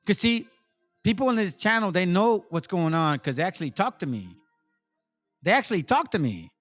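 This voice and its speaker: A man's voice: high voice, very animated, moderate pace, fairly bright tone, faint music behind. A man, a channel host, delivering an angry, profane rant full of sarcasm and repetition. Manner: heated, cursing, sarcastic, repeats himself. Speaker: channel host, insurance seller.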